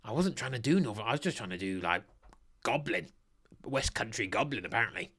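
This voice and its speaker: A man's voice: lowish voice, lively intonation, fairly quick, a bit bright, slightly rough. A man giving casual, playful ranking commentary on football kits, giddy and self-mocking, often stuttering and restarting. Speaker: football kit reviewer.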